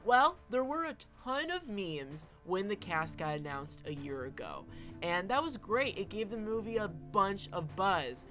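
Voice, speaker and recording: A woman's voice: medium pitch, big pitch swings, a little slow, music in the background. A woman giving casual opinion commentary as an online film commentator, emphatic and often tagging her points with "all right?".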